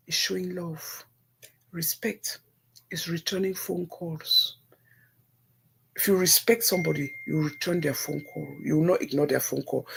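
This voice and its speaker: A woman's voice: deep voice, a little mellow, husky. A middle-aged woman with a Nigerian accent, hosting a livestream and giving earnest, preachy advice to her viewers, repeating herself for emphasis. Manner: preachy, religious. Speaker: livestream host. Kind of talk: casual advice talk to live viewers.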